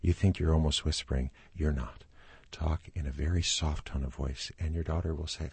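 Middle-aged doctor guy on a radio interview, super low gravelly voice, husky. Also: brisk, dry recording. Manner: explanatory, acts out quotes with raised voice. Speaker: family doctor and author.

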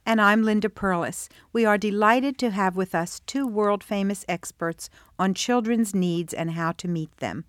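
A woman's voice: mid-range voice, measured pace, few pauses, no echo, studio quality. Woman co-host reading guest introductions. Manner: formal, warm welcome.

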